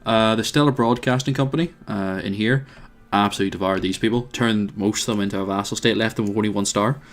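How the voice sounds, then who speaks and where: Northern Irish male let's player, lower voice, rambling casual commentary. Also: quick pace. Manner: rambling, musing aloud to himself. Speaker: video game player.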